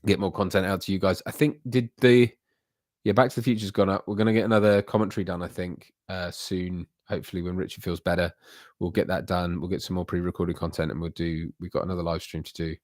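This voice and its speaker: A man's voice: low-pitched, steady tone, fast, darkish tone, no echo, clean studio sound. A man hosting a casual livestream, chatting loosely with viewers in a rambling, self-deprecating way. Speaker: livestream host.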